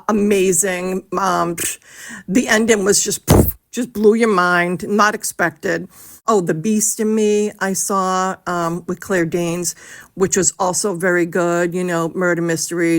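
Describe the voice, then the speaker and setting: A middle-aged woman leaving a chatty voice message for a podcast. She gushes, swears casually and fills her pauses with lots of ums. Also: lowish voice, gravelly. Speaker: listener sending in a voice message.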